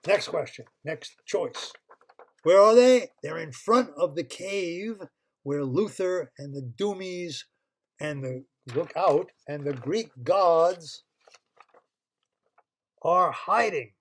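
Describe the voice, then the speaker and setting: Over a computer call, an older man makes up a children's story as he goes, stopping to quiz his listeners with multiple-choice questions in a playful, chatty way. His voice is fairly high with lively intonation, picked up by a computer mic on a video call.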